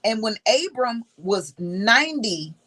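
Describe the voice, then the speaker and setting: A woman's voice: fairly high pitch, sing-song, slow, a bit bright, low-quality recording. A woman teaching from the Bible in a casual, emphatic way, reading verses aloud and repeating key words.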